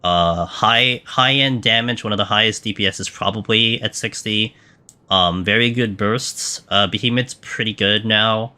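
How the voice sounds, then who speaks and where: A man's voice: lowish voice, moderate pace, sharp tone. A young man streaming a game live, chatting casually and answering viewer questions with lots of fillers. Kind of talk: live gameplay commentary.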